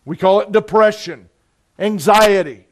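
A middle-aged man preaching a sermon in a conversational, intense way, with sudden loud bursts. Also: high voice, a little slow. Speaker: pastor.

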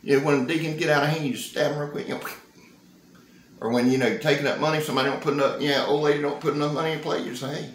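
A man, talking through a casual knife-review vlog in an excitable, folksy, joking way. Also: on the high side, rapid-fire, slight background noise. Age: 50s. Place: indoor room. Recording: roomy, echoey sound.

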